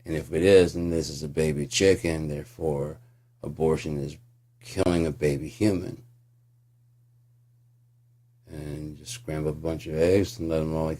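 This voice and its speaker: Very deep-voiced ranting man, husky. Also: steady tone, normal speed, pauses often, mellow. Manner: profane, sarcastic, ranting. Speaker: channel host. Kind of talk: casual monologue rant.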